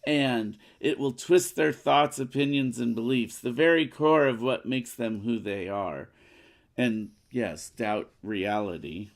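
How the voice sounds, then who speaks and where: Cocky female villain for a board game playthrough, gloating and grand, gravelly edge, played by a man, a little high and loud. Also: slow. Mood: triumphant. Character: cocky scheming female villain, telenovela-style.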